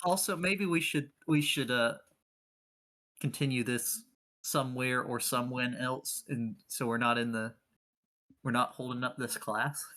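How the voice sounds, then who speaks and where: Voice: medium pitch, a little slow, pushed and bright. A tabletop game player who talks in a rambling way and often corrects themselves.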